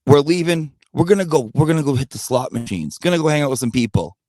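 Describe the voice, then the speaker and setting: A man's voice: on the high side, expressive, fast talker, mellow, dry recording, studio quality. A man telling a blunt, profane gossip story in a rambling rant-style monologue. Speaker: channel host.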